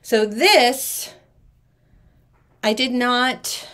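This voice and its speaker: Chatty woman hosting a live auction. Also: lowish voice. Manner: chatty, acts out quoted people in a lively way. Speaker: live jewelry auction host. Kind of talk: live shopping stream, chatty.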